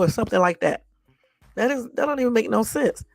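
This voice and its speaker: A woman's voice: fairly high pitch, expressive, fast, creaky, dry recording, soft background music. A woman hosting a live stream, reacting bluntly and with exasperation to news clips, repeating herself and swearing casually. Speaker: channel host.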